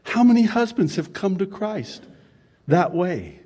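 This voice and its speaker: A man preaching a sermon as pastor, conversational and animated, laughing with the congregation and acting out their objections. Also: sits high, unhurried. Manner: acts out congregants' objections in a raised voice.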